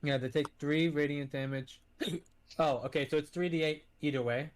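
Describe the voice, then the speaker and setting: A man's voice: a little high, steady tone, normal speed. A man playing a tabletop game who keeps asking to confirm the rules. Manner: checks rules with many questions. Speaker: player.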